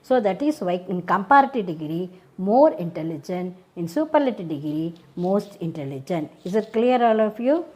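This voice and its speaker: Husky-voiced woman teaching a grammar lesson. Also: fairly low pitch, very animated, normal speed, few pauses, darkish tone, rough recording. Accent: Indian English. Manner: spells out letters, checks students with "Is it clear?". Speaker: school teacher.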